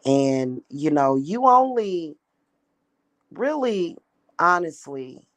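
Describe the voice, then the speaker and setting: A spiritual practitioner talks casually in a vlog monologue, rambling and repeating herself with emphatic restarts. Her low-pitched voice swings widely in pitch and moves very slowly over a dry recording.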